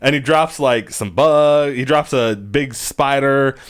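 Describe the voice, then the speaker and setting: A man's voice: mid-range voice, takes it slowly, smooth. A man co-hosting a podcast, casually recapping a movie in a rambling way and acting out its lines. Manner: rambling, acts out movie quotes. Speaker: podcast co-host. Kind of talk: casual movie review chat.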